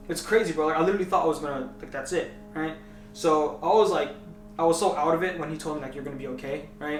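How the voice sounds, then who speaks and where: A young man rattles through a story at a quick clip, his voice sitting a touch high for a man. He keeps checking in with his listener as he talks. The sound is roomy and echoey, picked up from some distance off the mic. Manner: animated storytelling, tags lines with "right?". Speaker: vlogger. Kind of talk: casual storytime chat.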